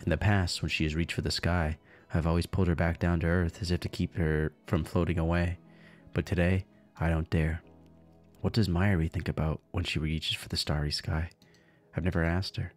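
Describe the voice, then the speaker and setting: A man's voice: sits low, little pitch movement, moderate pace, soft background music. A man streaming a visual novel, reading it aloud dramatically and breaking into crude, jokey asides.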